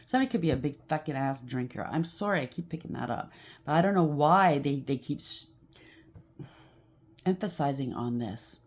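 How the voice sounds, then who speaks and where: A woman's voice: sits low, lively intonation, moderate pace. A woman doing a casual tarot reading, blunt and emphatic, with a lot of repetition as she calls out the cards. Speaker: tarot reader.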